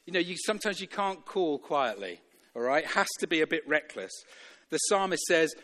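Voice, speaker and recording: A man's voice: on the high side, lively intonation, normal speed, fairly bright tone. A man preaching a sermon in a church, emphatic and repetitive, chuckling now and then between points. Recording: long reverb of a church hall.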